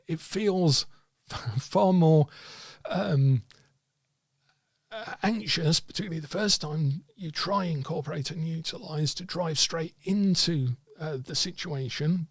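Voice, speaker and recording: A man explains tarot practice to viewers, pausing often and restarting his sentences. His voice sits a little high with a slight huskiness. The sound is dry and close, with no room echo. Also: fairly bright tone, slightly rough. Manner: thoughtful, hesitant, many fillers and restarts. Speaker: tarot teacher. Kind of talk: livestream teaching talk.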